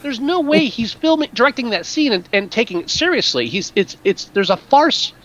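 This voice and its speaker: Animated high-voiced man talking movies. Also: a little fast, muffled recording. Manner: animated, rambling with many restarts. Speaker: podcast co-host. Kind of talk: casual film discussion.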